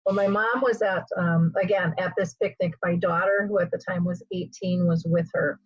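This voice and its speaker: A woman's voice: lowish voice, normal speed, breathy edge, dry recording, muffled recording. A woman host telling a story in a casual interview, acting out the quotes as she goes. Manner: lively storyteller who acts out quotes.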